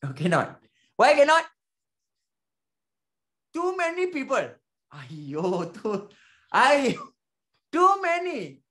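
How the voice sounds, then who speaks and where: A man's voice: high voice, lively intonation, fairly quick, a bit bright. Man putting on a flustered shop worker, Malaysian English. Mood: pleading. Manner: pleading, lots of "lah" and "aiyo". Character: fast-food shop worker, flustered and apologetic.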